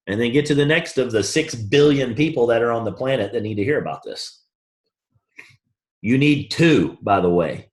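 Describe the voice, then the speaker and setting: A man from the US East Coast leading a team call, blunt and emphatic, coaching in a casual, forceful way. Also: medium pitch, expressive, normal speed. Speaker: network marketing team leader. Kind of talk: motivational call talk.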